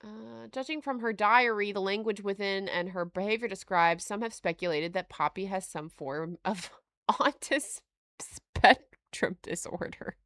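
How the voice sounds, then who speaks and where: A woman hosting a live stream, reading notes aloud and reacting to chat with frequent laughter and animated asides. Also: mid-range voice, moderate pace, no echo, studio quality. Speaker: livestream host.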